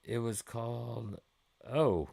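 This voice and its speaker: A man's voice: medium pitch, takes it slowly, creaky, darkish tone, slightly rough. A man in his forties hosting a gaming live stream, chatting with viewers in a rambling, laid-back way and swearing freely.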